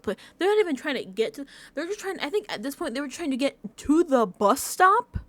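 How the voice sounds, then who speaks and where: Speaking close to a desk mic in a room at home, a young woman with a fairly high voice recaps a reality show. She rambles in animated bursts, restarting often and swearing casually.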